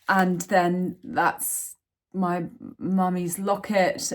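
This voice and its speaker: A woman vlogging casually at home, gushing and excitable, often dropping into soft whispers. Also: fairly low pitch. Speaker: lifestyle vlogger. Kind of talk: casual chat to camera. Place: home indoors.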